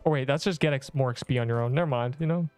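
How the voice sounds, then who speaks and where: A man's voice: medium pitch, very fast, darkish tone. A man in his twenties livestreaming a game, chatting casually and rambling as he reads chat messages aloud.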